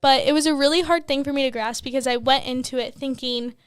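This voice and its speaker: Young mom podcaster, high clear voice, rambly, says like a lot, dry close mic. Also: female voice, steady tone, quick pace, no echo. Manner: rambling, heavy on "like", swears freely. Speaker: podcast co-host, new mom. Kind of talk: candid casual chat.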